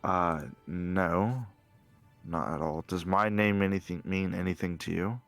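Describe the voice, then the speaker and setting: Brief: deep-voiced man with fry, deadpan player in a fantasy tabletop game, faint music behind. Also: a little slow. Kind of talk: playing a tabletop game in character.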